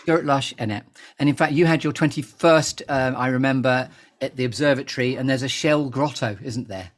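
A man's voice: mid-range voice, fairly quick. A man hosting a chatty live podcast interview, playful and theatrical, wandering off on tangents. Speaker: podcast host.

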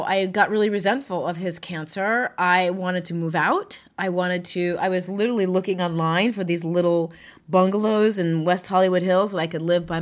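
A widow speaking candidly and emotionally about her life, laughing often and swearing now and then. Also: on the low side. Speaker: widow sharing her story. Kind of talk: candid personal talk.

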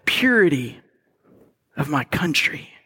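A man's voice: on the high side, sing-song, slow, sharp tone, slightly rough, long reverb tail, voice pushed down, heavily acted. A man voicing a fervent patriot disciple who insists on his passion.

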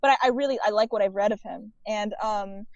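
On a muffled, dull, echo-free recording, a woman who writes and makes films talks as a podcast guest in a medium-pitched, gravelly, darkish voice at a brisk clip. She's chatty, leans on "like" constantly and laughs a lot.

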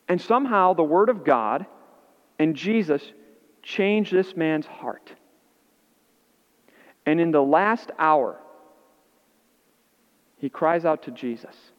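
A man preaching a sermon as pastor, animated and acting out the voices he quotes. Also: slow pace, pauses often. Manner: animated, acts out quoted voices with rising pitch. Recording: muffled audio in a reverberant hall.

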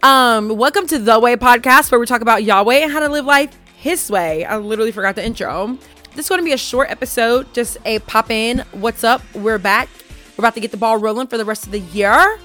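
A woman's voice: fairly high pitch, fairly quick, a bit bright, soft background music. A young woman hosting a casual faith podcast, rambling and self-mocking as she chats with listeners. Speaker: podcast host.

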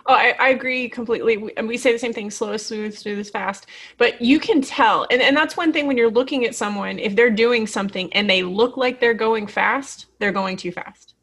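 A woman's voice: fairly high pitch, a little fast, hardly any pauses, a bit bright, husky. A woman interviewing a guest, agreeing readily and asking long, probing questions. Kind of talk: conversational interview.

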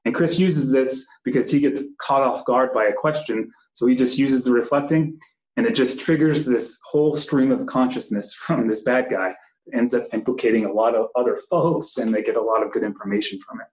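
A man's voice: mid-range voice, a little fast, a little mellow, echoey room, rough recording. A middle-aged man who works as a police instructor, teaching a class in a conversational way with fillers and asides.

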